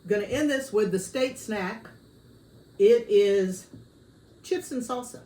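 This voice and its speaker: A woman's voice: medium pitch, takes it slowly, dark tone. A woman hosting a casual food-tasting vlog, chatty and friendly, her mouth burning from hot salsa. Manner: chatty, friendly, says y'all. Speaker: vlogger host. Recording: roomy echo, faint background noise.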